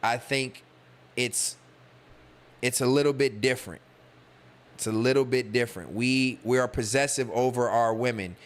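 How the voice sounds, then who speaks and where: A man's voice: mid-range voice, moderate pace, pauses often. Slangy, profane man hosting a live chat. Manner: loose, slangy and profane, talks to chat directly. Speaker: podcast host streaming live. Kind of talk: casual livestream monologue, reading chat.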